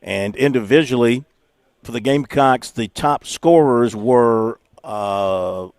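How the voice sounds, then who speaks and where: A man's voice: medium pitch, darkish tone, clear, resonant tone, no room sound. Male sports radio host, conversational, dry close sound. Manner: conversational, reads results with pauses. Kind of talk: radio talk show hosting.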